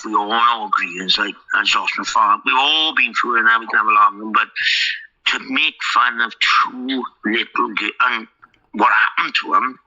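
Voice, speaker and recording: A man's voice: on the low side, sharp tone, muffled recording. A man hosting a podcast, ranting profanely in crude casual chat. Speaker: podcast host. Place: lives in Wales.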